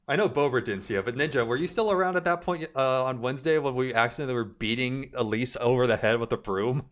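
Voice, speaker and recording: A man's voice: medium pitch, quick pace. Chatty man streaming a game. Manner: chatty, greets chat, laughs easily. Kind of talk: casual livestream gameplay commentary. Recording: stream audio with game music.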